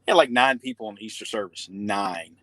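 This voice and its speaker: A man's voice: lowish voice, fairly quick, fairly bright tone, no room sound. A man, talking earnestly as a podcast guest in a casual conversation.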